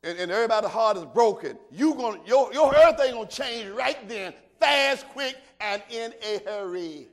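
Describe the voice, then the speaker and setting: An older man preaching a sermon, swinging from low murmurs to shouted preaching and throwing questions to the congregation. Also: animated, moderate pace, few pauses. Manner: call-and-response asides to the congregation. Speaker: pastor.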